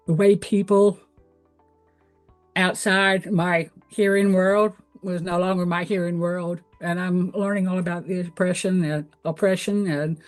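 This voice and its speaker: A woman's voice: fairly low pitch, a little mellow. A middle-aged woman with a Southern US accent from Tennessee, a guest telling her story candidly with frequent fillers. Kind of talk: interview answers.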